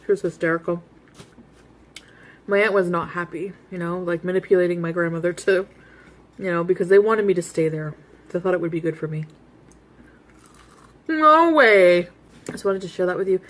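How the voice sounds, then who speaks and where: A woman's voice: lowish voice, fairly even intonation, fast, a little mellow. A woman vlogger casually telling a rambling story to her viewers at home, full of asides and little laughs. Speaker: vlogger host.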